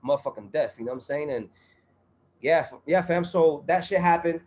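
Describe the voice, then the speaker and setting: A man's voice: fairly high pitch, brisk, darkish tone, slight background noise. A man guest on a podcast, telling a story in casual chat, full of profanity, street slang and fillers.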